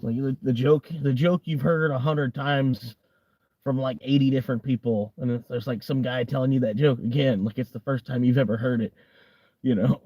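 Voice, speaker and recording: A young man from the United States talks loosely to his viewers, circling back on himself with fillers and laughing easily. His voice is mellow and dark-toned, recorded close and dry with no room sound. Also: mid-range voice, fairly even intonation, moderate pace, no room sound. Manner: rambling, laughs often, many fillers. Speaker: livestream host. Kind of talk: casual livestream chat.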